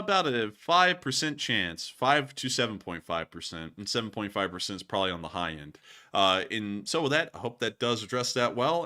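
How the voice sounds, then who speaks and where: Man, livestream host, bright and animated, jokey. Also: medium pitch. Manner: laughs often, jokey and rambling. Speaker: news stream host. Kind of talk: casual livestream chat.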